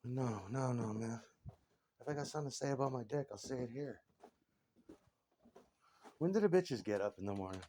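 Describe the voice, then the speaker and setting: A man's voice: mid-range voice, lively intonation, normal speed, long pauses, warm tone. A man in his forties delivering a rambling, crude comic monologue, laughing often and stumbling over repeated words.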